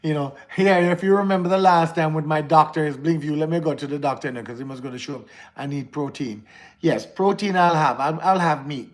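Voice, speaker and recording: A man with a Jamaican accent and a rather high voice talks a little fast while hosting a casual livestream. He speaks candidly to viewers, answers the live chat, and often repeats himself.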